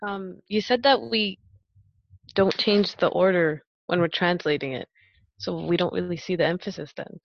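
A woman student asking a hesitant question in an online class, soft-spoken. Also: on the low side, moderate pace, gravelly, no echo, highs cut off.

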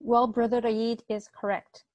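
A woman teaching Arabic grammar in an online class, chatty and quick to correct herself, often checking that the class agrees. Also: on the high side, flat delivery, darkish tone, no room sound. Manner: chatty, self-correcting, asks class to confirm.

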